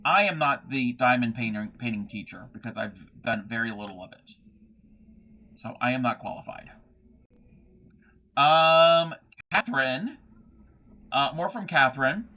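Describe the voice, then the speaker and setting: A man's voice: mid-range voice, lively intonation, unhurried, long pauses, sharp tone. A young man hosting a casual craft livestream, reading chat messages aloud and rambling with lots of fillers and restarts.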